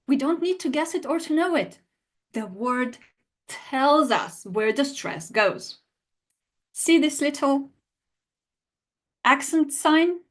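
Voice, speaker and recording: A woman teaching a live online language lesson, talking straight to her viewers and answering their chat replies. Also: sits high. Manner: lively, animated, talks to viewers directly.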